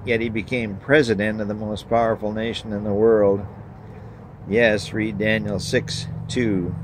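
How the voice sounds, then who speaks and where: Earnest male preacher, emphatic delivery, fairly low voice, faint background noise. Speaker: pastor. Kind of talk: sermon with story reading.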